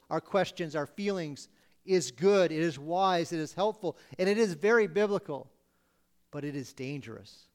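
Preacher, male, high voice, earnest pulpit delivery. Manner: earnest, voices pleading questions to God. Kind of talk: sermon.

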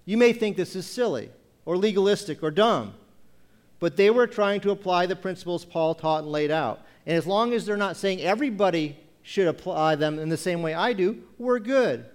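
High-voiced man preaching a sermon. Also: normal speed. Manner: asks repeated rhetorical questions, reads scripture aloud. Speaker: pastor.

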